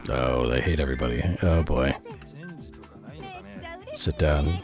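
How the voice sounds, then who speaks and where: A man streaming a video game in casual chat, his voice strained and roughened from yelling, reacting aloud and answering chat. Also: extremely low pitch, unhurried, over music.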